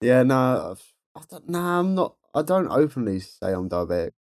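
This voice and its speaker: A man's voice: medium pitch, very animated, moderate pace, a little mellow, no echo. A man is co-hosting a laid-back podcast and chatting with a friend. His voice rises and falls a lot as he tells stories, and he laughs often. The recording is dry and close. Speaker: podcast co-host. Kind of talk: casual chat.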